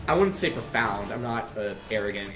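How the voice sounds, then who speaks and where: A man's voice: on the low side, expressive, a little fast, reverberant, over music. A young man hosting a casual gaming chat, rambling through stories full of fillers. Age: young adult. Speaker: host.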